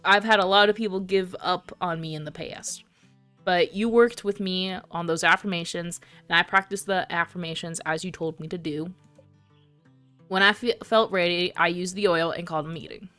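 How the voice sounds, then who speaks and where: A woman's voice: fairly low pitch, fairly even intonation, normal speed, fairly bright tone, clear, resonant tone, soft background music, close to an everyday voice. A woman voicing an earnest young man with a put-on American country accent in a game.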